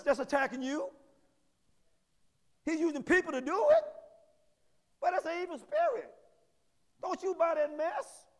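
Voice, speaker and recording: A high-voiced man preaches a sermon, rising into shouted peaks and dropping into folksy asides. His voice rings through a church hall with a long reverb. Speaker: pastor. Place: church sanctuary.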